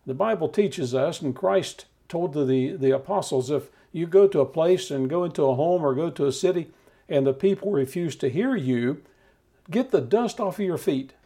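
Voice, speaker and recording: A man preaching a steady, measured Bible teaching, talking the listener through scripture. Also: a little high, husky. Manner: calm measured teaching with occasional restarts.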